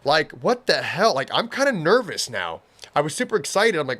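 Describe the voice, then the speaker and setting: A man's voice: a little high, huge pitch swings, a little fast, a bit bright. A man co-hosting an anime review, talking casually in long rambling runs, restarting often and acting out quotes. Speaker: co-host of an anime review show. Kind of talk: casual reaction discussion.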